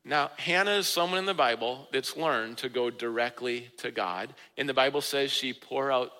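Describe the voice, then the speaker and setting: A man preaching a sermon as pastor, earnest, rising for emphasis and dropping low and slow. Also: pushed and bright, in a large hall, rough recording.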